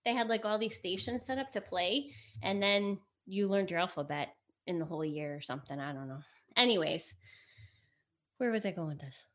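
A middle-aged woman born in the United States whose first language was Italian, chatting casually as the host's mother and acting out quoted lines in a lively way. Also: medium pitch, moderate pace. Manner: lively storyteller, acts out quotes. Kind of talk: casual chat. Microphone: camera mic in home setting.

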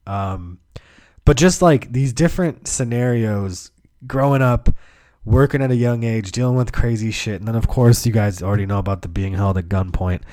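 A man's voice: on the low side, normal speed, dark tone, no room sound, clean studio sound. A man hosting his own podcast, telling rambling, profane stories in a laid-back way. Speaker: podcast host. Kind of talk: casual comedic storytelling.

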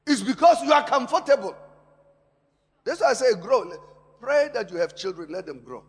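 A man preaching a sermon in a church, impassioned, swinging between quiet asides and loud emphatic lines and repeating words for stress. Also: very high-pitched, sing-song, moderate pace, husky. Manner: impassioned preaching with sharp rises and drops in loudness. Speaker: pastor. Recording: long hall reverb in a church.

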